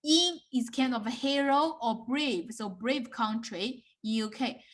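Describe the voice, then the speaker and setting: A woman's voice: a little high, slow. A young woman with a Chinese accent, a native Mandarin speaker teaching a beginner lesson, patiently repeating words and checking with "right?".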